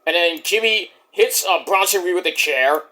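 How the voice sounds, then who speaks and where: A man giving a casual wrestling event recap, animated and swearing freely. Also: high-pitched, moderate pace. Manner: animated, swearing, acts out voices. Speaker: wrestling reviewer.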